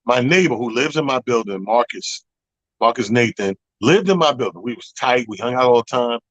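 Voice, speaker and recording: A man co-hosting a radio talk show, telling a profane, animated story in casual chat. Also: mid-range voice, moderate pace, no room sound, rough recording. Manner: animated, profane, acts out other people's voices. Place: radio studio. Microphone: studio microphone.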